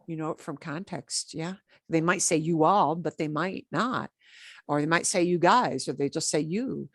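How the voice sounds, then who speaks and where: A woman teaching a beginner Spanish class, chatty and encouraging, slowing down to drill words. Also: low-pitched, a bit bright, no room sound, studio quality.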